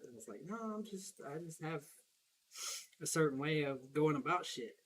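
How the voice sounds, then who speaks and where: A man's voice: a little high, fairly bright tone, slight background noise. A young man with a Southern US accent, rambling in casual, profane chat while he plays a game, laughing often. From Southern United States. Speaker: gaming streamer.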